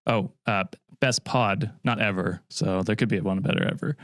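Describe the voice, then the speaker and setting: A man's voice: fairly low pitch, normal speed, a bit bright, no echo, studio quality. A man co-hosting a live podcast, talking in an easygoing, sweary way. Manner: easygoing, sweary, laughs often. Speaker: podcast co-host. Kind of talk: casual podcast chat.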